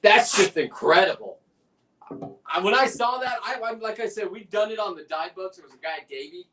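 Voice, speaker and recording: A man's voice: high-pitched, expressive, normal speed, a bit bright, far from the mic, slight background noise. A man in casual chat, rambling and talking through a demonstration as he works. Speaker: guest on a fishing livestream, lobster preparer. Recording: away from the mic.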